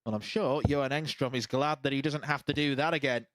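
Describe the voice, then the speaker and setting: A man presenting a darts match, measured as he lays out what each player needs. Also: medium pitch, steady tone, a bit bright, no echo. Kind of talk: sports presenting.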